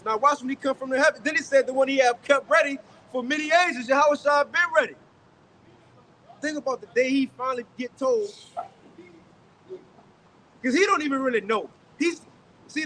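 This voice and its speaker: A man's voice: very high-pitched, a bit bright, a little hiss or hum, rough recording. A man leading a street teaching, explaining scripture emphatically and checking in with his listeners. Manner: emphatic, keeps asking "you got it?". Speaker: lead teacher. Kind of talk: street preaching, interpreting scripture.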